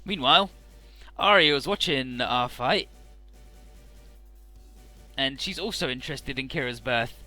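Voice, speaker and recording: A man's voice: medium pitch, animated, a little slow, pauses often, sharp tone, no room sound, soft background music. A young man casually recapping a game's story, swearing and sarcastic as he plays. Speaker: let's play host. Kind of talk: casual game commentary.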